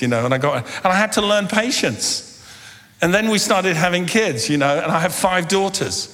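A middle-aged man preaching a humorous sermon, animated and telling stories with acted-out dialogue. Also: high-pitched, normal speed. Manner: animated, jokey, acts out dialogue. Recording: long hall reverb.

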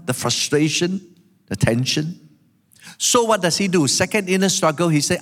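A man preaching a sermon, animated, acting out the quotes he tells. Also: on the high side, normal speed. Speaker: pastor. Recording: long hall reverb.

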